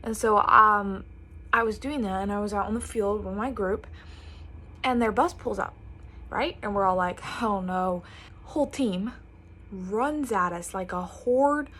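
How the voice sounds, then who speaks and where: A woman's voice: medium pitch, a little hiss or hum. Chatty young woman telling a storytime. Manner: chatty, animated quoting of others. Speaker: vlogger. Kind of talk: storytime while getting ready.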